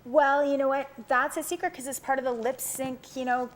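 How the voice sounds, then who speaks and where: A woman's voice: high voice, steady tone, normal speed. A woman guest producer promoting an event in an interview, upbeat and eager, with lots of "um" and "like". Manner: upbeat and eager, listing many details with frequent "um" and "like".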